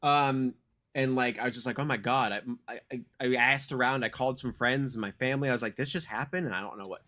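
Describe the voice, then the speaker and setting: A man's voice: medium pitch, quick pace, sharp tone. Laid-back swearing man rambling a story. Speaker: podcast co-host. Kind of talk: casual chat.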